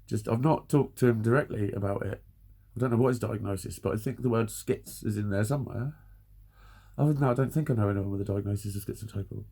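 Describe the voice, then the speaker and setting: A man's voice: on the low side, warm tone, husky. A man in his forties giving blunt, sweary, earnest advice in a ranting monologue. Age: 40s. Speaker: vlogger.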